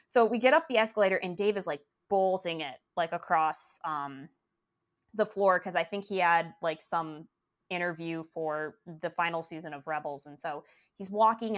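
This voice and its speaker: A young woman telling a long personal story as a guest, animated and rambling, with lots of restarts. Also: lowish voice. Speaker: podcast guest. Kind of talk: casual storytelling.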